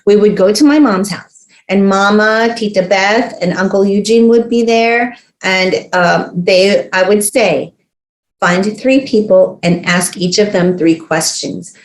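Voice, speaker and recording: Middle-aged woman psychologist, lively storyteller who slips into character voices, roomy reverberant sound. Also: medium pitch, measured pace. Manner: animated, acts out the voices of family members in her stories. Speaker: psychologist guest. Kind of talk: casual podcast storytelling. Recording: roomy echo.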